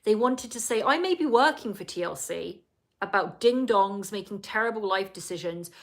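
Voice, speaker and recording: A woman's voice: medium pitch, expressive, moderate pace. A woman hosting a casual solo podcast, recapping a reality show in a chatty, rambling way full of asides and apologies.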